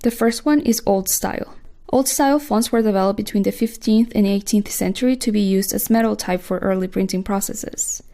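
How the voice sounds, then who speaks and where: Woman narrating a design lesson, gravelly. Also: medium pitch, a little fast, warm tone. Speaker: course instructor. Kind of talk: scripted instructional narration.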